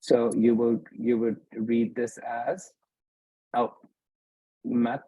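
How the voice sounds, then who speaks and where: Man, classroom teacher, patient, husky voice, dry close sound. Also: medium pitch, completely flat delivery, slow pace, warm tone, dry recording, rough recording. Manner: patient, checks often with students. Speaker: Arabic teacher. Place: mosque classroom.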